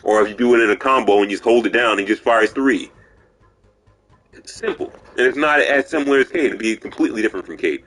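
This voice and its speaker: A man's voice: mid-range voice, a bit bright. A man streaming a video game live, giving profane, rambling commentary as he plays.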